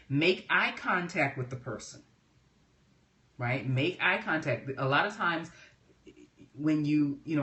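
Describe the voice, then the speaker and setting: A woman with a somewhat low voice teaches on a live stream as a personal development trainer. She keeps it chatty and upbeat, laughs easily, and often checks in with her listeners. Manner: lively and chatty, often asks "right?" and laughs.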